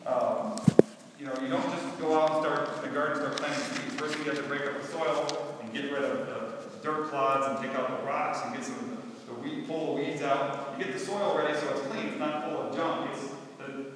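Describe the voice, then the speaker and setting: A man's voice: fairly high pitch, moderate pace, fairly bright tone, slight background noise. Guy preaching in a big echoey church, kinda folksy and chatty, mic sounds far off. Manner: conversational, folksy preaching with asides. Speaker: pastor. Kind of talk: sermon.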